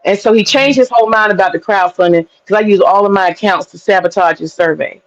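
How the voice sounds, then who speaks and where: A woman's voice: mid-range voice, quick pace, no echo. Brash teasing woman on dull dry audio. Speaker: stream guest. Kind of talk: casual livestream chat.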